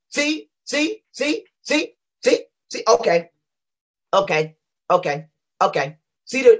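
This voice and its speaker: A woman in a heated, profane rant, combative and repetitive, slowing down to read definitions aloud. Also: on the high side. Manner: combative, profane, repeats phrases for emphasis; reads definitions aloud slowly. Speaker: online commentator.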